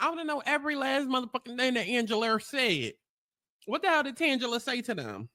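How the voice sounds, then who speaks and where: Blunt, animated woman commentator. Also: on the high side, brisk, no echo, studio quality. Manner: blunt, profane, emphatic. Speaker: commentary host. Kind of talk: opinionated pop-culture commentary.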